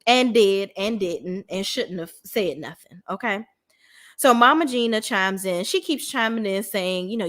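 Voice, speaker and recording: A woman's voice: mid-range voice, lively intonation, moderate pace, a bit bright. A woman recapping a reality show on her vlog, blunt and opinionated, swearing freely and acting out what people said. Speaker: reality TV reviewer.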